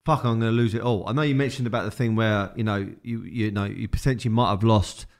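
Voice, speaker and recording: A male host puts his questions quickly and directly. His voice sits fairly low, and he keeps the conversation moving at a brisk clip. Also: steady tone. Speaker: podcast host, interviewer. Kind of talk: interview questions.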